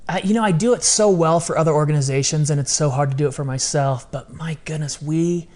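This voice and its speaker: A man with a fairly high voice chatting as an interview guest. He talks in an animated way and doubles up phrases for emphasis. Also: brisk. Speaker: podcast guest. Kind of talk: casual interview chat.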